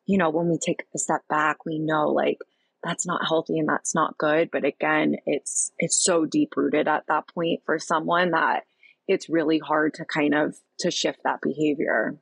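A woman coach talks as a podcast guest in a deep voice with a husky, gravelly edge. She is earnest and affirming and uses many filler likes. The sound is dry and close. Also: little pitch movement, normal speed, no echo, low-quality recording. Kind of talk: casual podcast conversation.

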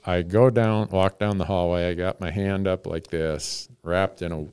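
Low, smooth-voiced man telling a story. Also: steady tone, moderate pace, a little mellow, no echo. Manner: rambling, self-mocking, chuckles often. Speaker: podcast host telling a story. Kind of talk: casual storytelling.

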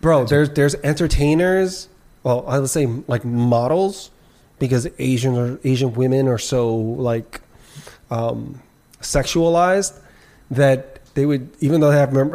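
A man's voice: medium pitch, mellow. Rambling man in casual discussion. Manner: rambling, halting, lots of restarts.

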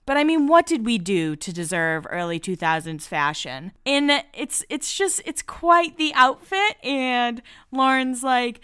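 A woman's voice: fairly high pitch, sing-song, a little slow, hardly any pauses, bright, forceful tone, smooth. A woman hosting a podcast, giving a casual, gossipy recap in a candid style with casual swearing. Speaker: podcast host recapping a reality show.

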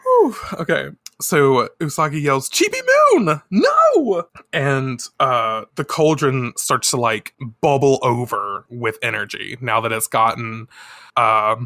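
A podcast co-host in casual chat, excitable and swearing, whose voice cracks when moved. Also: mid-range voice, unhurried, no room sound, clean studio sound. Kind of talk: casual chat recapping a comic.

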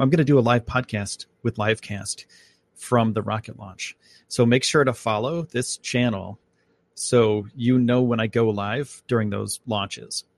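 A man's voice: medium pitch, creaky, no echo. A man hosting a live podcast, chatting casually and rambling about space and his plans. He comes from upstate New York. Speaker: podcast host. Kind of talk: casual live-stream chat. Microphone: microphone at home.

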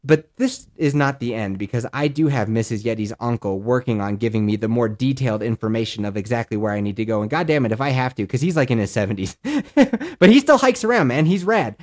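A man's voice: mid-range voice, lively intonation, fast talker, darkish tone. A man in his thirties from the Colorado mountains, hosting a podcast and telling a rambling, profane story in casual chat. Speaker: podcast host.

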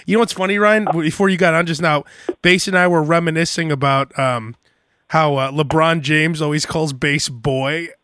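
Man, podcast host, animated storyteller, high voice, bright tone. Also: normal speed, clear, resonant tone, dry recording. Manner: animated storyteller, laughs often. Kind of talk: casual podcast banter.

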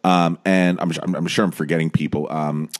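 A man's voice: low voice, level tone, fairly quick. A man co-hosting a podcast, chatting casually and playfully with his co-host. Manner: playful, does an old-timey announcer voice at times. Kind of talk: casual chat.

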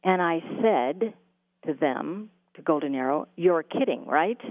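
Soft-pitched woman on a phone line. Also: expressive, no echo. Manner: halting, many fillers and restarts. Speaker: guest, spiritual channeler. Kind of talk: storytelling interview answers. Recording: phone-like line with a dry sound.

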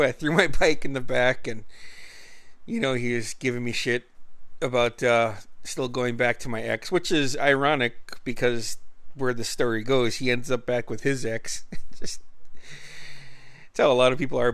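A man's voice: mid-range voice, a bit bright, dry recording. Profane, laughing male storyteller. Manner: laughs often, profane, rambling. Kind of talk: casual personal storytelling.

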